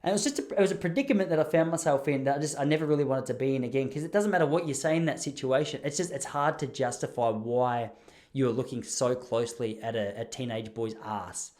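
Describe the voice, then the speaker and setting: A man's voice: mid-range voice, fast talker, a little mellow. Chatty Australian man telling stories. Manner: chatty, self-deprecating, laughs at his own stories. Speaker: podcast host. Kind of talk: casual storytelling monologue.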